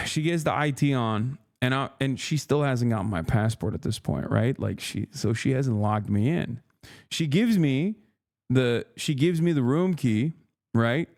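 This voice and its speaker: A man's voice: mid-range voice, animated, unhurried. A man in his thirties, a streamer telling a long, profane, exasperated story in casual livestream chat.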